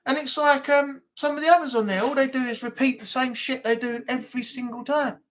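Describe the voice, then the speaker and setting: A woman's voice: sits high, fairly even intonation, fairly quick. A woman hosting a casual weekly live chat, rambling and chatty with lots of ums. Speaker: live stream host.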